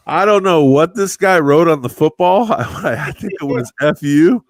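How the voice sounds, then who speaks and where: A man's voice: a little high, lively intonation, moderate pace, no room sound. Laid-back storytelling man, dry sound. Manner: laid-back, laughs often, says bro and dude. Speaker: co-host of a live stream. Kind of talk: casual storytelling chat.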